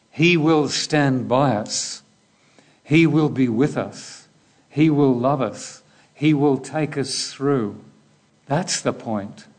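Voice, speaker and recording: A man preaching a sermon in a deliberate way, asking repeated rhetorical questions. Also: mid-range voice.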